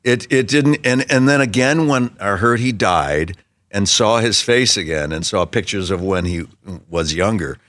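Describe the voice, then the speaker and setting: A man's voice: on the low side, expressive, unhurried, a bit bright, dry recording. A man in his sixties, a talk show guest telling an anecdote with energy and acting out other people's voices. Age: 60s. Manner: acts out quoted voices vividly.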